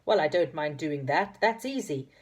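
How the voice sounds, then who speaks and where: A woman voicing an old male pixie spell maker who talks in a loud, booming way. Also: animated, normal speed, husky. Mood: beaming.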